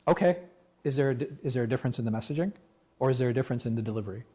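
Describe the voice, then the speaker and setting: Man, imam, religious class talk, animated, rhetorical questions, mid pitch. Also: rapid-fire, breathy edge. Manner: animated, asks rhetorical questions, restarts words. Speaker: imam leading a class discussion. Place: mosque class room.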